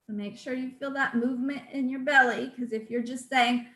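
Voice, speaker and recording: A woman speech therapist calmly leading a class through voice exercises, explaining each drill and counting out the repetitions. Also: fairly high pitch, unhurried. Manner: calm, instructive, counts out drills. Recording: echoey room.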